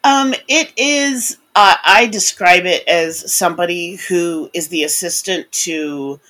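A woman's voice: fairly low pitch, takes it slowly, sharp tone. A woman from the United States co-hosting a podcast in casual chat, laughing often and talking expressively. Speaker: podcast co-host.

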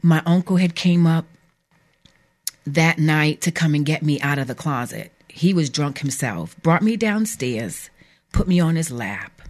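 Woman, low pitch, earnest halting testimony, radio studio guest. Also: animated, a little mellow. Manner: earnest, halting, emphatic at times. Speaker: author and guest. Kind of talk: emotional personal testimony.

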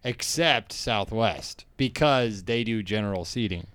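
A man's voice: on the low side, lively intonation, unhurried, a bit bright, smooth, no room sound. A young adult man, a comedy podcast co-host, telling a rambling story in casual chat and acting out the lines of the people in it. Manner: rambling, laughing, acts out quoted lines.

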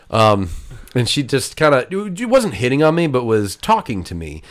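A man telling a long story to friends on a casual chat show, swearing freely and jumping into high voices when quoting people. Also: brisk. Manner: animated, profane, jumps into high voices for quoted people. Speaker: podcast regular telling a story.

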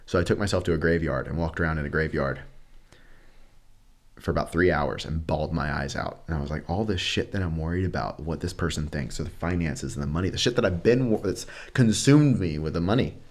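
Deep-voiced man telling a candid story. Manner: animated, acts out quotes, swears casually. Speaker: guest.

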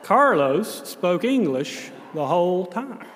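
An American man preaching a sermon, telling a self-mocking story in an animated way. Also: sits high, takes it slowly, in a large hall, slight background noise.

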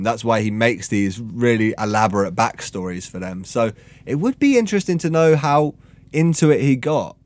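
A man's voice: mid-range voice, no echo. Man chatting films, dry sound. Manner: animated, amused, opinionated. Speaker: podcast host. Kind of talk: casual film chat.

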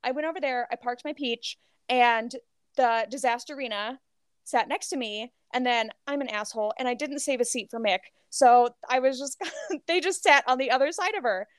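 Woman podcast co-host, high bright-sounding register, dry close sound, breathless gossipy storytelling. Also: normal speed, clean tone, no room sound. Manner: animated storytelling, heavy filler "like", swears freely. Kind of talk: casual gossip chat.

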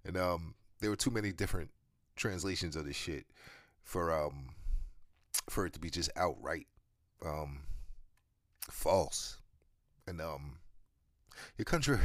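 A man's voice: a bass voice, dry recording, clean studio sound. A man hosting a podcast in a loose, profane, rambling monologue, chuckling between phrases. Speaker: podcast host.

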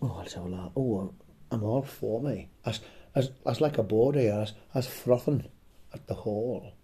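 Swearing all the way, this man tells a rambling, crude comedy story in a storytelling chat, tagging punchlines with a chuckled "eh?". His voice is fairly low, husky, rough and very dark, a little hoarse, and his pace is moderate.

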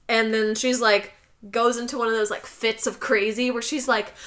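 A young woman co-hosting a casual podcast, animatedly recapping a film plot and acting out the characters' lines in high, loud voices. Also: unhurried. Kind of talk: casual chat.

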